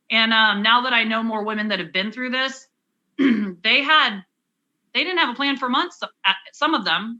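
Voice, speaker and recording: A woman's voice: mid-range voice, sharp tone, rough recording. A young adult woman telling a personal story as an interview guest, candid and conversational, with many fillers and restarts. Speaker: interview guest, cancer survivor.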